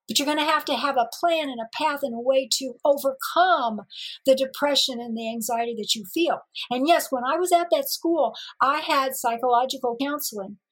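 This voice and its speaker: Woman from Missouri, high voice, slightly husky, lively storyteller, acts out dialogue. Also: poor audio. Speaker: interview guest. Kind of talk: personal storytelling in an interview.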